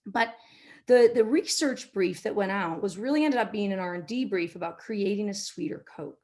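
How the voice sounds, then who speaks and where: Woman, middle-aged, mid-pitched voice, keynote speaker, anecdotal business talk, acts out quotes softly. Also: normal speed. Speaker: keynote speaker, marketing executive.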